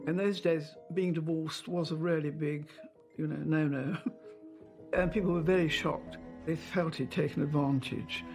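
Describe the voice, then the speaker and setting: A woman's voice: low-pitched, fairly even intonation, a little slow. Older woman, documentary interviewee, chatty storyteller, faint music bed. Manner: chatty, anecdotal, with fillers and soft laughs. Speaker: interviewee, former lady-in-waiting. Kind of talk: reminiscing in an interview.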